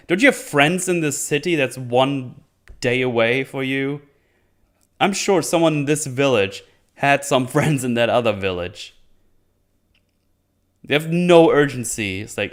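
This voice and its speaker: A man's voice: medium pitch, lively intonation, measured pace. A man ranting through a casual review with lots of swearing and sarcasm, mocking characters in put-on voices. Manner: profane, sarcastic, mocks characters in silly voices. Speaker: video reviewer.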